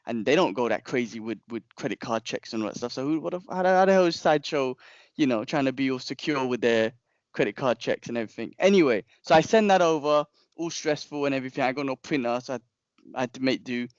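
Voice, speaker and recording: A young man, a podcast co-host telling a long story in casual chat, animated and rambling, with frequent restarts and slang. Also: medium pitch, fast talker, dry recording, muffled recording.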